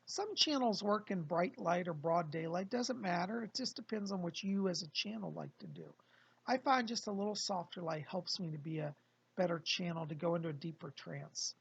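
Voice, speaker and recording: A man, a psychic medium, talking casually and calmly to his viewers from his home, explaining and reassuring. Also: high-pitched, vocal fry, husky. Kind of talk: casual livestream talk.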